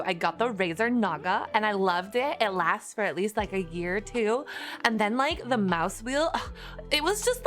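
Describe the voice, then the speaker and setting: A woman streamer putting on a ditzy, gushing Valley Girl voice, her own voice a little rough from just waking up. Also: a little high, fairly bright tone. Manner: gushing, peppered with "like" and "oh my God". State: slightly rough just-woke-up voice.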